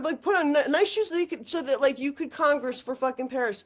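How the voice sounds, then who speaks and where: A woman hosting a casual conversation, talking fast and heated, swearing often and restarting her sentences. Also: high-pitched. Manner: swears a lot, rambling and heated; quick restarts and stammers. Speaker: host.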